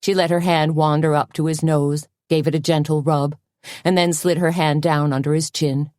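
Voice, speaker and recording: A woman narrating a mystery audiobook in an even, measured way. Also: sits low, dry recording, studio quality. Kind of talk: scripted narration.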